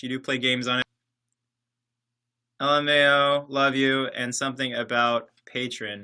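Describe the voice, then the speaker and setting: A man talks casually on a livestream, reading out viewer comments and answering each one with dry, joking sarcasm. His voice is strikingly bright and sharp, sitting at an ordinary middle pitch for a man. He rambles loosely from one comment to the next. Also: clear, resonant tone. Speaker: livestream host reading chat. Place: separate building, alone.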